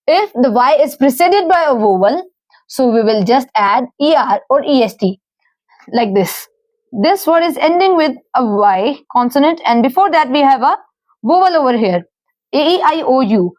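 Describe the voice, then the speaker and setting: A woman's voice: sits high, animated, normal speed, darkish tone, no echo. A woman with an Indian English accent, teaching grammar rules and patiently spelling out word forms.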